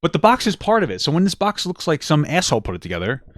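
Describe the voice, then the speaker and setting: A man's voice: a little high, huge pitch swings, quick pace, no echo. A young man, a podcast co-host, chatting casually with his partner, swearing freely and telling stories with bursts of laughter. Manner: loose, profane, storytelling with bursts of laughter. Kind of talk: casual couple chat.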